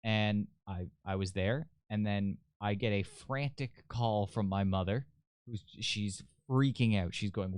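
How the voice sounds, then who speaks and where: Young male podcast host, rambling profane storyteller, smooth clean tone. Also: on the low side, unhurried, a little mellow, dry recording, clean studio sound. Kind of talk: casual storytelling.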